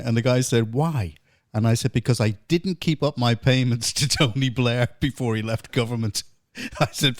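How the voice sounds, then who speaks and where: A man's voice: medium pitch, no room sound, studio quality. A man hosting a comic online pub chat, talking in a theatrical, jokey, mock-grand way. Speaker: podcast host.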